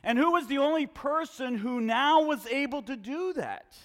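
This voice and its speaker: Animated high-voiced preacher in a hall. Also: male voice, normal speed. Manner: animated, questioning the congregation. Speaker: pastor. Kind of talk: sermon. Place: church hall with a congregation.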